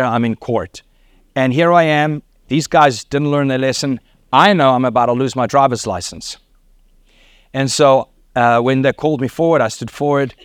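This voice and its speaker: A man's voice: mid-range voice, clear, resonant tone, no room sound, clean studio sound. A middle-aged man with a South African accent preaching a sermon, telling stories with laughs and acted quotes. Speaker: pastor.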